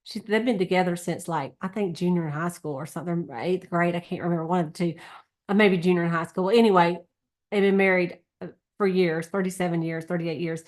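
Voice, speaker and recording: A woman's voice: on the low side, a little fast. A woman giving a chatty, folksy motivational talk as a sales director recapping a conference. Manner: chatty, animated, with frequent laughs and folksy Southern phrasing.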